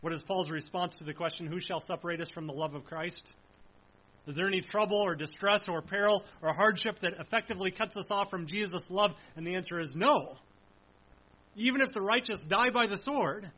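A man preaching a sermon in an earnest, emphatic way, slowing down to stress key phrases. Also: high voice, sharp tone, dull audio.

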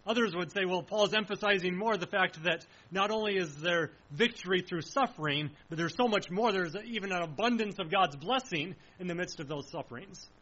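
A man preaching a sermon in an earnest, emphatic way, slowing down to stress key phrases. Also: sits high, fairly bright tone, dull audio.

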